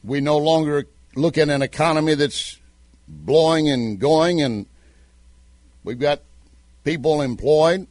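A man's voice: fairly high pitch, lively intonation, darkish tone, no echo. A man with a Southern American accent hosting a talk radio show, reading sponsor spots and giving emphatic commentary. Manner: emphatic, repeats phone numbers slowly.

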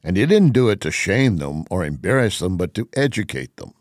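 A middle-aged man hosting a talk radio show, speaking in an earnest, emphatic, measured way. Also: low-pitched, sing-song, dry recording, clean studio sound.

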